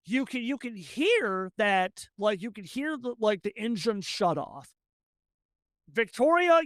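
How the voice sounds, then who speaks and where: A game master narrating a tabletop game in a rambling, quick way with many restarts, close to the mic. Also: medium pitch, a bit bright, dry recording.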